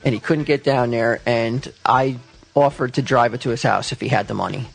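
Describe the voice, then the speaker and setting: Gravelly man telling a rambling story. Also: medium pitch, faint music behind, low-quality recording. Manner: rambling, halting, with restarts. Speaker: comic shop delivery guy telling stories. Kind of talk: casual podcast storytelling.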